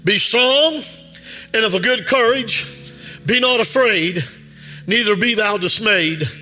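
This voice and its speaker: A man preaching a sermon in a church, his very high voice ringing sharp and bright. He rises into a sing-song preaching cadence and keeps calling out to the congregation. Long hall reverb trails each phrase over faint music. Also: slow pace. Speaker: pastor. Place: church sanctuary.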